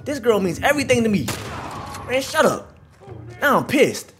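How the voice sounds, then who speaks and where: A man's voice: very high-pitched, sing-song, normal speed, fairly bright tone, soft background music. A man giving live, slangy reaction commentary while playing a video game, trash-talking the enemies. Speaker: gaming channel host.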